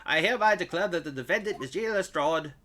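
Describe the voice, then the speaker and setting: A man's voice: high voice, expressive, fast, sharp tone, slight background noise. A man voicing a pompous, stern older British judge in a game playthrough, with formal, grandiloquent courtroom speech. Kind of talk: video game voice-over playthrough.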